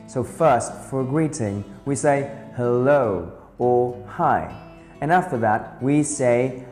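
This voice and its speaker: Slow, patient teacher. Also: male voice, mid-range voice, animated. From Vietnam. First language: Vietnamese. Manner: slow, careful, repeats phrases for drilling. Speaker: English teacher. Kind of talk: beginner language lesson. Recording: roomy reverberant sound with soft guitar music.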